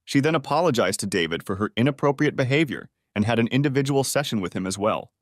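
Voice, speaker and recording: A man narrating a story audiobook in an even, matter-of-fact scripted reading. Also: mid-range voice, quick pace, no echo, studio quality.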